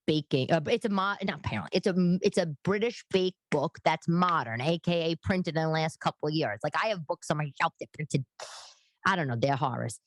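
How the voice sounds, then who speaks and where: A woman, hosting a casual chat show and talking in rambling tangents with quick voiced asides. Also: low-pitched, dry recording. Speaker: podcast host and comedian.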